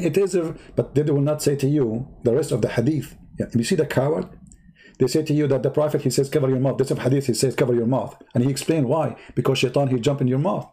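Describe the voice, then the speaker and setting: Gravelly sarcastic man. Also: medium pitch, mellow. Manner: sarcastic, drawn-out mocking delivery. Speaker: live stream debate host. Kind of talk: mocking live-stream commentary.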